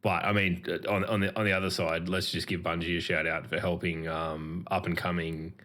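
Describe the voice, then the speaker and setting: A very low-pitched Australian man chatting casually on a gaming podcast. He rambles along in a relaxed, sweary way, full of restarts and asides. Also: brisk. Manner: sweary, laid-back, rambling. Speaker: podcast host. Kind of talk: casual chat.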